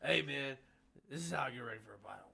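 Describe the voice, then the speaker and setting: A man co-hosts in loose podcast chat. He talks in a medium-pitched, everyday voice and slips in wisecracks and laughs between his friend's lines. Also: lively intonation, rapid-fire, vocal fry, bright, forceful tone. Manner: wisecracking, chimes in with jokes and laughs. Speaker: podcast co-host. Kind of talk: casual chat.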